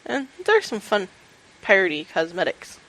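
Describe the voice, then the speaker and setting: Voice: medium pitch, huge pitch swings, normal speed, fairly bright tone, no room sound, low-quality recording. A podcast co-host chatting casually and playfully about a game. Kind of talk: casual gaming podcast chat.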